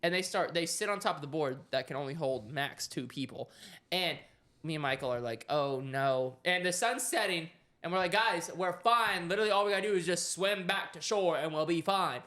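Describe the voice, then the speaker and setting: A young man casually telling a story as a podcast co-host, animated and often laughing. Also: on the high side, a little fast.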